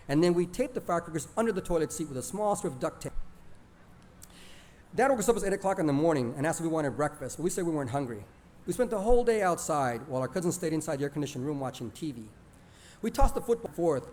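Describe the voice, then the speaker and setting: A man reading his own stories aloud to a live audience in a lively, expressive storytelling manner. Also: a little high, a little hiss or hum.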